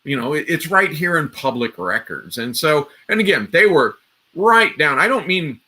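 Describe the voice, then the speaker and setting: A man's voice: fairly high pitch, sing-song, moderate pace, sharp tone. A man hosting a live stream, giving casual political commentary in a rambling way, with frequent restarts and asides to his viewers. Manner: rambling, restarts often, talks straight to viewers.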